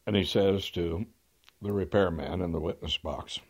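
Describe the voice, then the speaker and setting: Older male lawyer, raconteur, deep husky voice, dry wit, throat-clearing. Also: fairly even intonation, moderate pace. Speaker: trial lawyer. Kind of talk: anecdotal storytelling.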